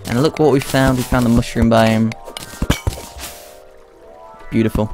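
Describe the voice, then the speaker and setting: A man's voice: medium pitch, measured pace, pauses often. A young man giving playful, chatty commentary while streaming a game and answering his chat. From Britain. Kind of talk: casual live-stream commentary. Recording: game music playing behind the voice.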